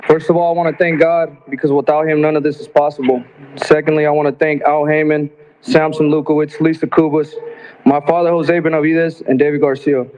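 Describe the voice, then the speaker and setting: A man's voice: fairly high pitch, flat delivery, brisk, darkish tone. A boxer trading profane, taunting trash talk at a press conference, heckling his opponent. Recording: dull lo-fi broadcast audio.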